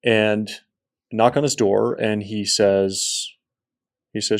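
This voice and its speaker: A man, an entrepreneur guest on a podcast, telling his story in a lively way and acting out the people in it. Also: lowish voice, moderate pace, creaky. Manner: animated storyteller who acts out quoted people. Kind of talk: storytelling interview.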